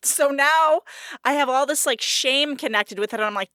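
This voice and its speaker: A woman's voice: high-pitched, animated, a little slow, sharp tone, no echo, studio quality. A woman co-hosting a casual podcast, talking frankly and laughing often. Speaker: podcast co-host. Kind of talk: casual chat.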